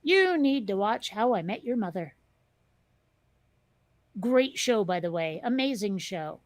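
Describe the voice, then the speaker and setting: A woman's voice: mid-range voice, very animated, unhurried, no room sound. A woman hosting a casual chat show, talking in a rambling, chatty way with lots of fillers and restarts. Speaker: podcast host.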